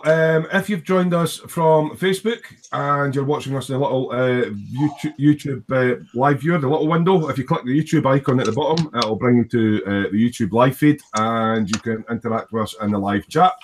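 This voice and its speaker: A man's voice: mid-range voice, normal speed, few pauses, slight background noise. Male host of a casual live stream, chatty, loose with fillers, greets each viewer.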